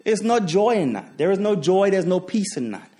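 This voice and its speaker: A man's voice: high voice, big pitch swings, moderate pace, dark tone. A man preaching a sermon, repeating his points with emphasis, asking rhetorical questions and sharing personal stories with chuckling asides.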